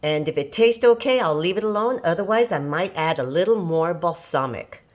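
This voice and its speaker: A woman with a somewhat low voice talks her viewers through a recipe in her home kitchen. She is chatty and down to earth and quick to laugh at her own mishaps. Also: expressive, a little mellow. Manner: chatty, homey, laughs at herself. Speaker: home cooking channel host. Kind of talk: casual cooking demonstration.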